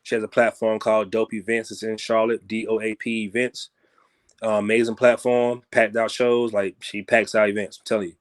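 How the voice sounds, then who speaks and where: A man talking as a guest musician in a casual interview, rambling loosely and peppering his talk with "you know what I'm saying", growing animated when he makes a point. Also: fairly quick. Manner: grows animated and higher when making a point.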